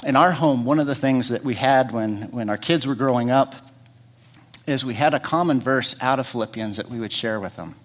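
A middle-aged pastor preaches a sermon at a moderate pace, putting many rhetorical questions to his congregation. He talks in short fragments and often repeats words as he starts over. His voice shifts between quiet, low questions and louder, higher passages.

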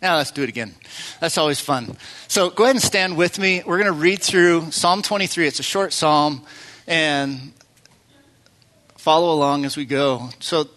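A man's voice: a little high, normal speed, fairly bright tone. A man preaching as pastor, telling stories in a loose, conversational way with fillers and restarts. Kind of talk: sermon.

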